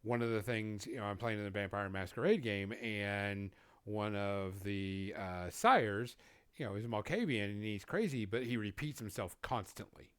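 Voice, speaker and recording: A man's voice: lowish voice, moderate pace, fairly bright tone, clear, resonant tone, dry recording. A man on a gaming podcast, rambling casually with many fillers. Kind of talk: casual chat.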